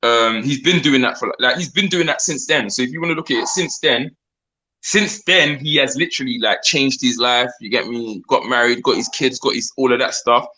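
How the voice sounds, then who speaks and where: A man with a London accent chats as a guest on an interview show, his voice bright and forward. He talks in quick slang and acts out what friends said to him. His pitch sits mid-range for a man. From England. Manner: slangy, quick, retells talks in quoted bits. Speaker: grime MC guest. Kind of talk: casual interview storytelling.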